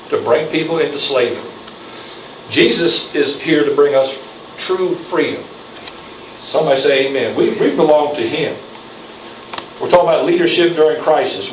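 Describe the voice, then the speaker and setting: A man preaches a fiery sermon from the pulpit, his fairly high voice climbing as he presses his points and calls for amens. The sound is roomy and distant, with faint hiss behind it. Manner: preaching with rising intensity, calls for amen. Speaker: pastor. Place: church sanctuary. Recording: echoey church, mic from afar.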